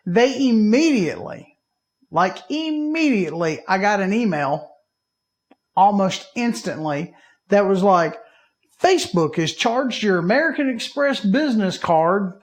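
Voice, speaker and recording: A man from Alabama, co-hosting a podcast and telling a story in a lively way, acting out his own panicked reactions. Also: high voice, unhurried. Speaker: podcast co-host. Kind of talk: casual chat.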